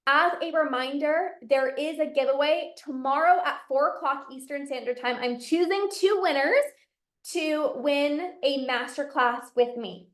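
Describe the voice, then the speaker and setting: A woman's voice: sits high, roomy sound. A woman, a binge eating coach, giving an emphatic motivational talk to a live audience and repeating her key phrases.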